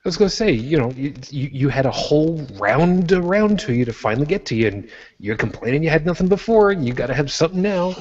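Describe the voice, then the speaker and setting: A man's voice: a little high, expressive, quick pace, few pauses, a little mellow. Dry-teasing man on a lo-fi line. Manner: dry teasing, wry asides. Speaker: podcast co-host. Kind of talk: casual group chat over a card game.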